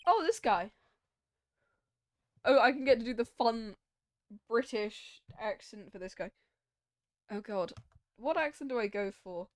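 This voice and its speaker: A woman's voice: fairly high pitch, lively intonation, unhurried, long pauses, slight background noise. A woman streaming a game playthrough, reading lines aloud and chatting in a playful, self-mocking way. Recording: game music behind.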